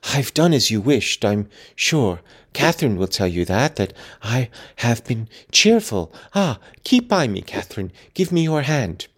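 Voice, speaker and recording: A man's voice: mid-range voice, slow. A man reading aloud, voicing a sickly, frightened young man who pleads in a panting, raised voice. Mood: pleading.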